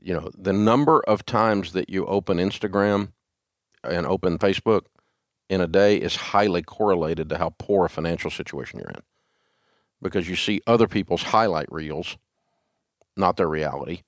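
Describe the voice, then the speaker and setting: A man's voice: sits low, moderate pace, dry recording, clean studio sound. An older man, a radio host, telling stories in a folksy, emphatic way during a casual interview. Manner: animated storyteller, folksy, emphatic.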